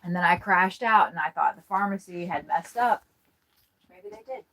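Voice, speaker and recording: A woman chatting casually on a livestream from inside her RV, frazzled and swearing often, talking in quick, scattered bursts. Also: on the low side, sharp tone.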